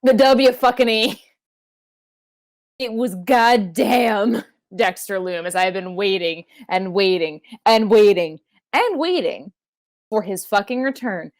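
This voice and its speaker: A woman's voice: mid-range voice, slow pace. A woman co-hosting a wrestling podcast, recapping matches in casual chat with playful wordplay and frequent swearing. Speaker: podcast co-host.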